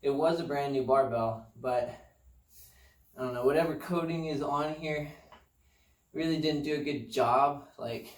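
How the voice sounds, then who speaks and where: A man's voice: a little high, a little slow, long pauses, recorded from a distance. A man rambling casually and self-deprecatingly about his apartment home gym. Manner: laid-back, meandering, self-deprecating. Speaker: fitness vlogger. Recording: roomy sound, voice off-mic.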